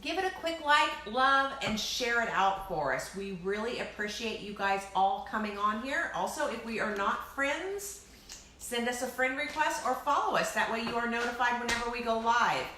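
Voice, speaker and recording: A woman's voice: on the high side, moderate pace. A woman co-hosting a casual live cooking stream from a home kitchen, talking chattily and directly to her viewers. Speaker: co-host of a cooking livestream. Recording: echoey room with steady noise.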